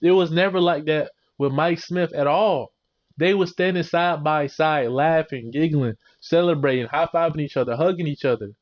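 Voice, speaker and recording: A man's voice: on the high side, moderate pace. A young man ranting heatedly as a fan vlogger, slangy and repetitive. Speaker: sports vlogger. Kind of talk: casual fan rant.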